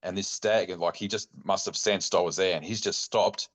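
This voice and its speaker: Middle-aged Australian male guest, low-pitched, loose and animated storyteller. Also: moderate pace. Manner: rambling, animated anecdote telling with many fillers. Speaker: guest, bowhunting club chairman. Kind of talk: casual storytelling chat.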